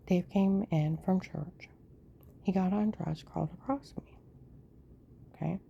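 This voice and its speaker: Gravelly dark-voiced woman telling her story. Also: lowish voice, fairly even intonation, measured pace, highs cut off, a little hiss or hum. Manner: rambling, often slips into a hushed whisper. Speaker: storyteller recounting her own life. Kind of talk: personal storytelling monologue.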